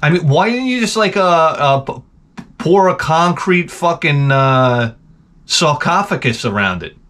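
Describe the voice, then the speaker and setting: Animated New guy telling stories. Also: fairly high pitch, a little slow. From New York. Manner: animated, profane, sarcastic asides. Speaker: gaming channel host. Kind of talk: casual rambling storytelling.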